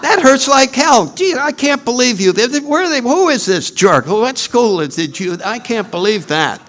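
A man voicing a panicked, then indignant, man who plays a Christian in an arena, shrieking and ranting in a high voice. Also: very animated, normal speed, a bit bright, exaggerated voice.

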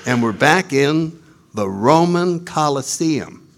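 A man telling a humorous spiritual story, animated and acting out the voices of his characters. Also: on the high side, slow.

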